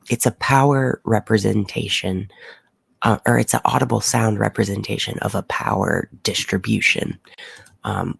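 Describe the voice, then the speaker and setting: A man's voice: lowish voice, creaky, husky, no echo. A man hosting a weather livestream, explaining at length and rambling with fillers and restarts, close to his microphone.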